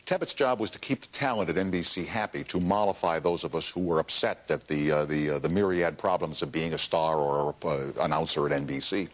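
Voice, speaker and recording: An older man hosting a late-night talk show, telling stories with a booming laugh. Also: a little fast, hardly any pauses. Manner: gravelly, laughs big and loud. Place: television studio.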